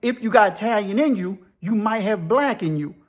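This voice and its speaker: A man's voice: high voice, expressive, moderate pace, voice pushed up. A man voicing a teasing old male convict who drawls and keeps calling his friend "man".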